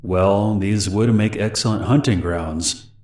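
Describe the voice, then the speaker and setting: A man reading the lines of a creepy young male stranger in a horror story, speaking softly with a falsely friendly manner. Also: lowish voice, slow, echoey room. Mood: quietly menacing.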